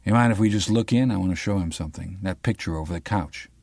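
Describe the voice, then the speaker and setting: Brief: a man playing a steady detective, deep and even, dry close read. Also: fast talker, gravelly, dry recording. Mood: calm. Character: calm, steady male police detective.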